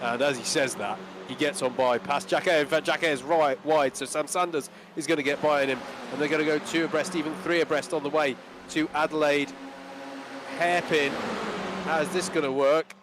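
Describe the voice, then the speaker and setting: A man's voice: fairly high pitch, fairly even intonation, moderate pace, background noise. A man giving chatty, easygoing colour commentary on a live sim race.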